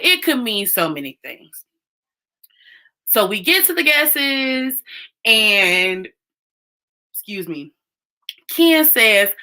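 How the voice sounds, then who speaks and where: A woman's voice: on the low side, bright, forceful tone. A woman chatting casually on a live stream, recapping a show and talking straight to her viewers.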